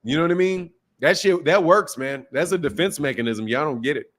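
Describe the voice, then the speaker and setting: A man's voice: a little high, brisk, a bit bright. A man from the United States hosting a boxing channel, chatting casually on a live stream, boastful and joking, swearing freely.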